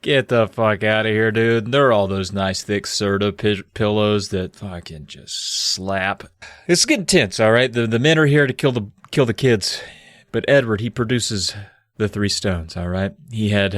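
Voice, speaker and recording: A man's voice: medium pitch, fairly bright tone, no echo, clean studio sound. A man co-hosting a comedy podcast, retelling and reading a children's book in a loose, profane way with many fillers. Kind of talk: casual comedic storytelling and reading.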